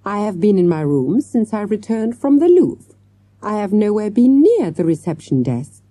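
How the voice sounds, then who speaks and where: A woman reading an audiobook, voicing a scheming foreign woman villain who speaks in stilted, mock-polite threats, in a raised, husky voice. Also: mid-range voice, very animated, normal speed, mellow, no room sound, pitched above the performer's own voice. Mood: coy challenge. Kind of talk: audiobook character voice.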